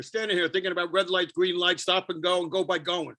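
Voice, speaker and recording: A man's voice: high-pitched, little pitch movement, a little fast, bright, forceful tone. A man giving a spoken-word poetry performance, brooding and self-questioning with a wry edge. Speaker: poet.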